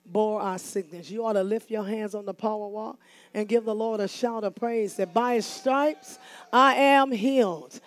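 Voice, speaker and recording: A woman minister preaching a fiery call-and-response sermon, often rising to shouts. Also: mid-range voice, steady tone, normal speed.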